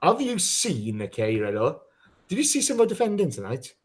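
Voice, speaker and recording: A man hosting a live fan podcast, bantering and mocking his co-hosts with plenty of swearing. His voice sits a little high for a man. He talks loosely and casually into a home microphone. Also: wildly swooping pitch, moderate pace, slightly rough. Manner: teasing, banter-heavy, swears freely. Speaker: podcast host.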